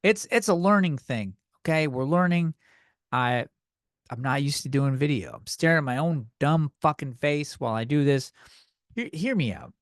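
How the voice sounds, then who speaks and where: Male podcast host for a comedy rant: exasperated and profane, somewhat high voice, dry studio mic. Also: lively intonation, moderate pace, no room sound. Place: video podcast recording. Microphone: studio microphone.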